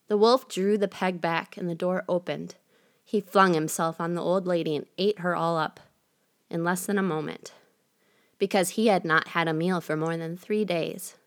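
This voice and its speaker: A woman narrating a fairy tale in a measured, gently expressive storytelling manner. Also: fairly low pitch, gravelly.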